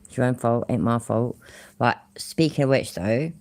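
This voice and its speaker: A woman's voice: extremely low pitch, normal speed, darkish tone. A woman hosting a reaction video, giving crude, sarcastic, mocking commentary with lots of swearing. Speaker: reaction channel host.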